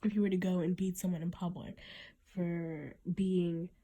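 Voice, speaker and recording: Husky, mellow-voiced woman podcasting. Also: lowish voice, steady tone, normal speed. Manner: earnest, reflective, many restarts. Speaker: podcast host. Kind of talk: casual podcast monologue.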